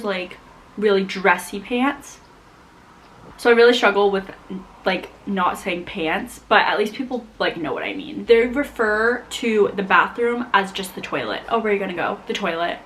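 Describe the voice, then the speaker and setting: A young woman from the United States chatting casually to camera as a vlogger, animated and full of "like". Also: mid-range voice, a little hiss or hum, low-quality recording. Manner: chatty, animated, heavy use of "like". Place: home in Scotland.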